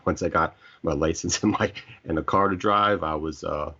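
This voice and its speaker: Very deep-voiced middle-aged man, rambling. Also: moderate pace, sharp tone, slightly rough. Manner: stumbles over words, rambling. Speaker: host. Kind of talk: casual podcast chat. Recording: dull lo-fi sound.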